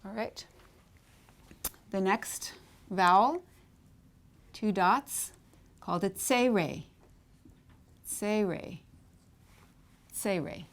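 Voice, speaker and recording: A woman's voice: mid-range voice, very slow, long pauses. A woman teaching Hebrew vowels at a board, patiently repeating each sound and checking in with "okay?". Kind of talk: whiteboard lesson.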